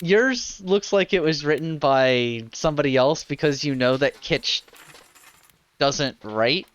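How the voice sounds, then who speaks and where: A man's voice: on the high side, animated, unhurried, fairly bright tone, clear, resonant tone. A man narrating a tabletop game as dungeon master, rambling with lots of fillers. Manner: rambling, heavy on fillers like "like" and "you know". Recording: dull lo-fi sound.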